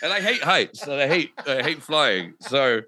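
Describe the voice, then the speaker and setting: A man's voice: a little high, very animated, unhurried, bright, forceful tone. A man, a radio presenter telling anecdotes casually, swearing freely and laughing at himself. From England.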